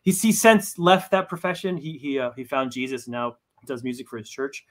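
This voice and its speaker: A man with a mid-range, expressive voice talks briskly as a comic book writer guesting in a casual interview. He keeps stammering and restarting, and he tends to poke fun at himself.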